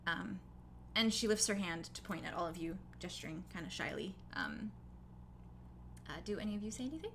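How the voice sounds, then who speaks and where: A woman's voice: mid-range voice, expressive, brisk, creaky, noisy background. A young woman narrating a tabletop game as game master, casual, with lots of fillers.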